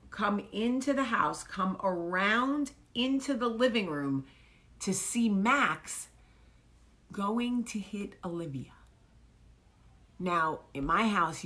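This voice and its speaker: A woman's voice: deep voice, sharp tone. A woman in her thirties, hosting her own show, telling a candid, chatty story about her day. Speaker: vlog host. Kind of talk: casual storytelling monologue.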